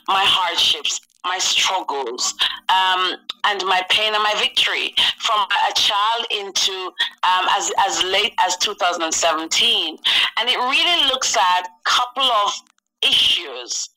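A woman's voice: mid-range voice, slow, pushed and bright, rough recording. A Jamaican woman with British traces in her accent, an author and producer, talking earnestly in a radio interview with many ums.

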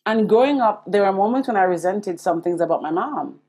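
A Jamaican woman in her forties hosts a podcast, speaking straight to her listeners as she earnestly confides her own life story. Her medium-pitched voice is expressive and darkish, and she talks fairly quickly.

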